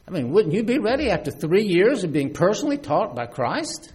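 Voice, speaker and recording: Male preacher, husky and animated, conversational sermon style with restarts. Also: high-pitched, brisk, hardly any pauses. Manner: lively, conversational preaching with many restarts and asides.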